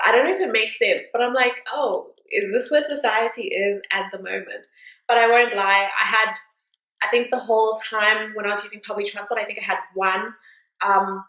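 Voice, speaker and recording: A woman's voice: mid-range voice, a bit bright. Young woman chatting candidly to camera, lots of "you know"s and "um"s, sound bouncing round the room. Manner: chatty, candid, with frequent fillers and asides. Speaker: vlogger. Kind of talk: casual chat to camera. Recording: echoey room.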